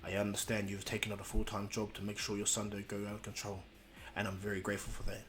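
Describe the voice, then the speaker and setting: A man voicing a gentle old male guardian deity, speaking lower, slow and measured. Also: monotone, soft background music, natural voice. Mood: solemn.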